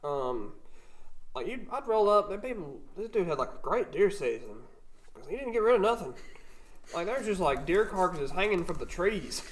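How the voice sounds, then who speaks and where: A man's voice: high-pitched, big pitch swings, moderate pace. A young man co-hosting a podcast, telling long, rambling anecdotes in casual chat, full of filler words and restarts. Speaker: podcast co-host.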